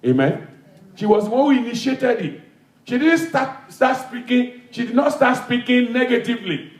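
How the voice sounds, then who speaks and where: High-voiced man preaching in an echoey hall. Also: expressive, moderate pace. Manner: emphatic, repetitive call-and-response preaching. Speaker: pastor. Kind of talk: sermon. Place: church hall.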